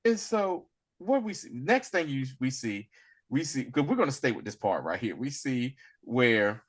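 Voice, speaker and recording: Animated man with lively pitch swings. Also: normal speed, slightly rough. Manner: animated, acts out characters with big pitch swings and laughter. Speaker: podcast co-host. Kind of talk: casual chat recapping a TV episode.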